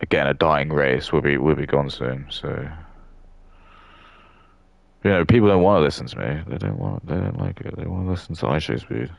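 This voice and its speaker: Young southern english guy, super low voice with loads of fry, rambles on, dry close mic. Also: animated, moderate pace, dry recording. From southern England. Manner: rambling, many fillers and restarts. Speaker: streamer. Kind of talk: casual rambling monologue.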